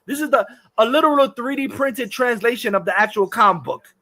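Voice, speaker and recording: A man's voice: very high-pitched, expressive, fairly quick, sharp tone, rough recording. A man co-hosting a live movie review stream, ranting in a crude, heated, mocking way. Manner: crude, heated and mocking, laughs at his co-host. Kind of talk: casual profane rant.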